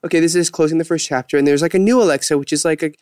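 A man hosting a podcast interview, joking and teasing while firing off quick follow-up questions. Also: fairly high pitch, darkish tone. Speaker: podcast host.

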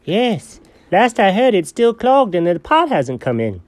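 A performer playing an excitable, chatty male buddy in an improvised audio story, talking in a playful, swooping way. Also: mid-range voice, a little slow, no room sound.

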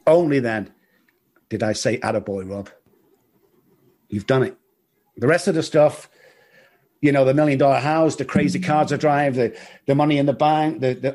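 A middle-aged man speaking in a mid-range voice. He tells his story earnestly as an interview guest, halting now and then and repeating words. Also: medium pitch, darkish tone. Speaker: guest in recovery.

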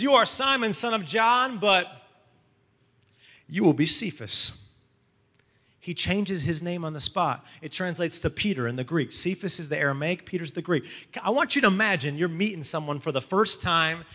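Animated preacher man in a reverberant hall. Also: sits high. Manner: animated storytelling, acts out quotes in casual slang. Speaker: pastor. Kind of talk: sermon.

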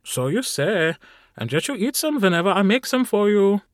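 A man's voice: high voice, big pitch swings, normal speed, no room sound, clean studio sound, pitched above the performer's own voice. A man voicing a fussy, devoted male demon valet in an audiobook, chirpy and doting. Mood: chirpy fussing.

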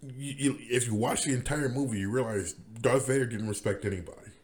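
A man's voice: medium pitch, fairly even intonation, fairly quick, a little mellow. A man rambling through a casual monologue as podcast host, with many restarts and fillers.

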